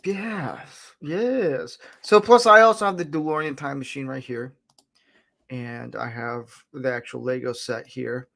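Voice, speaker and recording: A man's voice: medium pitch, gravelly, fairly bright tone. A young man hosting a casual Lego build chat, rambling and laughing easily at a desk microphone. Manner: rambling, chatty, quick to laugh. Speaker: host of a Lego build stream.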